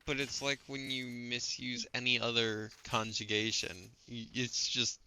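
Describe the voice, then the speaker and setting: A man's voice: medium pitch, monotone, measured pace, hardly any pauses, sharp tone, clear, resonant tone. A man streaming a game, chatting casually and explaining details in a pedantic, pun-loving way. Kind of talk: casual gameplay commentary.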